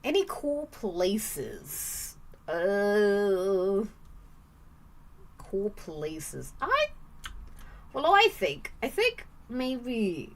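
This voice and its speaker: A woman's voice: mid-range voice, wildly swooping pitch, extremely slow, pauses often. A young woman streaming while she draws, chatting casually and rambling with the odd swear word. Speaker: art streamer.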